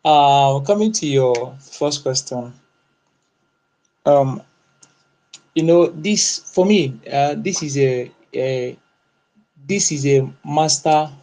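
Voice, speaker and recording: A man's voice: mid-range voice, very slow, long pauses, darkish tone, poor audio. A man joining a live audio chat as a guest speaker, hesitant, with many fillers and restarts, then insistent when he makes his point. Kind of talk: casual chat.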